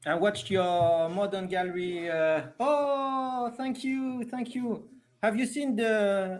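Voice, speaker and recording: A man's voice: high voice, darkish tone. A man with a French accent chatting casually on a live stream, hesitant and self-deprecating.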